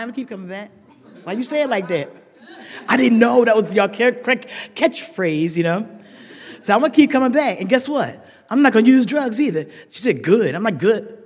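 A woman's voice: a little high, breathy edge. Older woman telling a story, echoey hall. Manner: lively storyteller, laughs often, rises to shouted emphasis. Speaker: speaker sharing a recovery story. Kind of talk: humorous testimony to a meeting.

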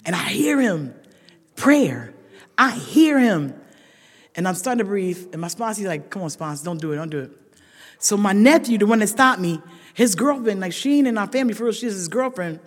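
A middle-aged woman tells a story at a recovery meeting in a lively, dramatic way, talking straight to her listeners. She jumps from loud bursts to near-whispered asides. Her mid-pitched voice carries a long hall reverb. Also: normal speed. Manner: animated, dramatic, swinging from loud outbursts to hushed asides; chatty, addresses listeners directly. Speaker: speaker sharing at a recovery meeting. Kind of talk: storytelling share to a live audience.

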